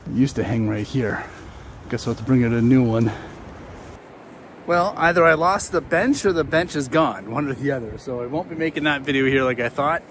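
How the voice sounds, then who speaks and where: A man's voice: medium pitch, brisk, fairly bright tone. Middle-aged man, chatty vlogger, outdoors on a windy trail, slightly breathless, faint background noise. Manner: chatty, easygoing, talks to viewers while hiking. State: a little out of breath. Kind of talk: casual walking vlog.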